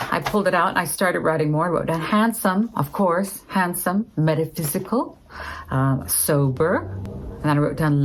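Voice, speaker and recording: A woman's voice: low voice, vocal fry, a little hiss or hum, low-quality recording. A middle-aged woman casually telling a personal story, acting out both sides of remembered conversations. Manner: lively, acts out both sides of remembered dialogue.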